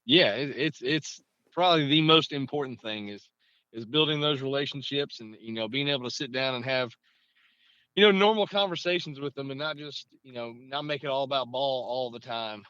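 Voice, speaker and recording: A man in his late thirties, a coach telling stories in a laid-back interview, with a bright, slightly tense voice. He fills his talk with "you know" and livens up as the stories build. The recording is dry and a little dull, like lo-fi. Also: medium pitch, moderate pace, clear, resonant tone, dry recording. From Georgia, US. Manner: relaxed, leans on "you know", gets animated telling stories. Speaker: high school head football coach, guest. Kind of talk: casual interview storytelling.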